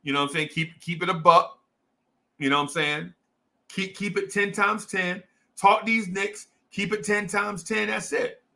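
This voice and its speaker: A young man from New Jersey, with the accent to match, hosts a casual sports fan livestream. His voice sits high with fairly even intonation, normal speed, vocal fry, and a sharp edge, and his talk is slangy, repetitive, and hyped up.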